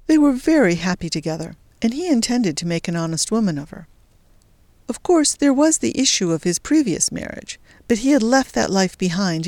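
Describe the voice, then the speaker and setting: A woman voicing a brisk, sly young woman in mourning who speaks prim and matter-of-fact. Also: mid-range voice, darkish tone, dry recording.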